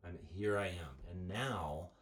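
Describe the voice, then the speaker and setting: Deep-voiced man in an echoey room. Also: measured pace. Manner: thoughtful, searching, repeats phrases. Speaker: host. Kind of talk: reflective interview questions.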